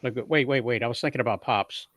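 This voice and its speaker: A man's voice: mid-range voice, a bit bright, dry recording. A man hosting a casual live-stream chat with guests on a video call, joking and poking fun at himself. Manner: self-deprecating, joking, drawn-out teasing. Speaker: host of a live watch-along stream.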